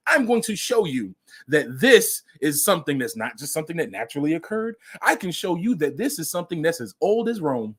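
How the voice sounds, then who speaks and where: A man's voice: medium pitch, expressive, fairly quick, a bit bright. A man hosting a casual commentary show, speaking emphatically and repeating phrases for effect. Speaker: podcast host.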